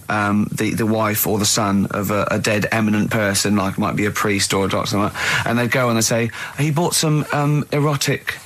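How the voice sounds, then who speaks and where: A man on a radio show in a studio, telling a story in a halting way, full of ums and restarts. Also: on the low side, fairly bright tone, low-quality recording. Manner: hesitant storytelling with many ums. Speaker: radio co-host. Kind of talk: casual radio chat.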